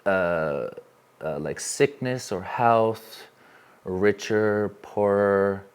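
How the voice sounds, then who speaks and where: A man's voice: on the low side, drawn-out words, clear, resonant tone. A man leading a live workshop, telling a candid personal story in an earnest way and putting questions to the people in the room. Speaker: workshop speaker. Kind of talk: live workshop talk to an audience. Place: room with a small live audience.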